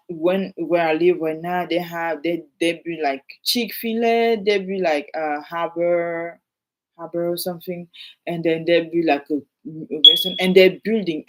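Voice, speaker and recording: Animated woman with a French accent. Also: on the low side. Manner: animated, repetitive, emphatic, addresses viewers directly. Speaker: realtor. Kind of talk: casual vlog talk to camera.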